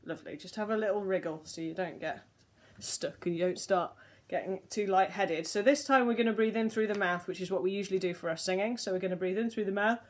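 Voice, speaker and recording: A woman, a voice teacher gently leading a relaxation and vocal warm-up lesson in a soothing, unhurried way. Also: medium pitch. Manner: gentle, soothing, slow guiding instructions.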